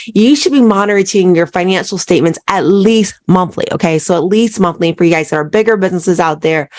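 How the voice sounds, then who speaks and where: A woman's voice: lowish voice, darkish tone, no room sound, clean studio sound. A woman hosting a solo business podcast. She keeps putting questions to her listeners and tags "right?" onto her points. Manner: asks listeners repeated rhetorical questions, says "right?" often. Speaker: podcast host and accountant.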